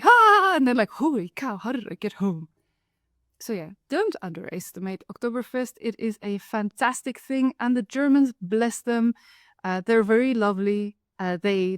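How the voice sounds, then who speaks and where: A woman from Africa, telling a personal story in a wry, lively way. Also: fairly high pitch, moderate pace, dry recording, clean studio sound. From South Africa. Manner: lively, wry, acts out the people in her stories. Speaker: author and storyteller.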